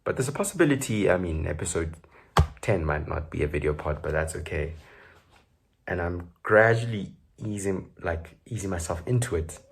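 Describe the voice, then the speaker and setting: A man's voice: sits low, expressive, normal speed, creaky, a little hiss or hum. A South African man with a South African accent, hosting his podcast in loose, joking solo chat full of fillers. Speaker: podcast host.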